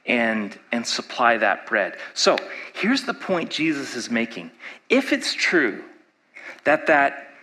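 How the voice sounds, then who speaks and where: A man's voice: medium pitch, sharp tone, rough recording. A male pastor preaching a sermon in a conversational way, asking his listeners rhetorical questions.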